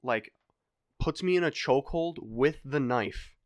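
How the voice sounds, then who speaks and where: A young man telling a story in a casual podcast chat, animated and swearing, acting out other people's voices. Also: mid-range voice, measured pace, dry recording, studio quality. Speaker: podcast guest.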